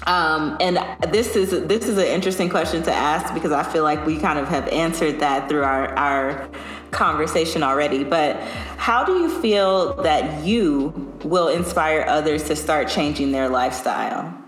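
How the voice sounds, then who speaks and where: Low-voiced woman podcast host, echoey room. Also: soft background music. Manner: chatty, affirming, quick to laugh. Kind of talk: casual podcast interview.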